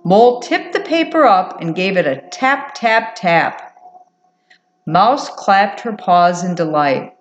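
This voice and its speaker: A woman reading a children's picture book aloud, slowly and with a lively, sing-song pitch. Her encouraging delivery carries a roomy echo. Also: muffled recording, slight background noise. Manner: warm, encouraging, lilting. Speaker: host and storybook reader.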